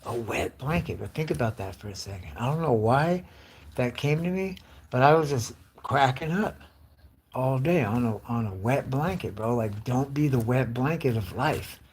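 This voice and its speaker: A man in his late forties ranting in a casual, profane, rambling way, often breaking into loud mimicked voices. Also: mid-range voice, animated, normal speed, a little hiss or hum. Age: 40s. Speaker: live streamer.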